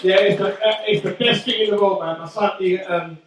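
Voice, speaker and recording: A middle-aged man doing stand-up comedy, loud and swearing as he teases the crowd. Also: high-pitched, steady tone, fairly quick, recorded from a distance. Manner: loud, swearing, teasing banter. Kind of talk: stand-up comedy with audience banter. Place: indoor comedy venue. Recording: echoey room, voice from afar, faint noise.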